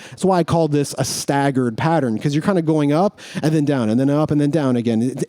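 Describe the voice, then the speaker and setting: A man teaching guitar in a casual, relaxed way, talking through note names as he demonstrates. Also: fairly high pitch, no echo. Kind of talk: casual instructional explanation.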